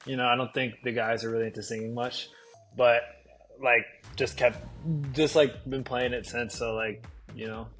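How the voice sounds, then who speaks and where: A man's voice: medium pitch, little pitch movement, normal speed, a bit bright, soft background music. A young man chatting as a guest in a studio interview, easygoing and hesitant, full of "like". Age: young adult. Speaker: guest ballplayer. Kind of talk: casual interview chat. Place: podcast studio.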